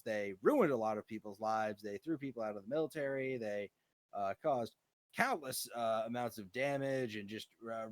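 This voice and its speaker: A man's voice: mid-range voice, no echo. A young man co-hosting a casual chat, telling rambling, profane stories with a lot of animation. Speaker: co-host.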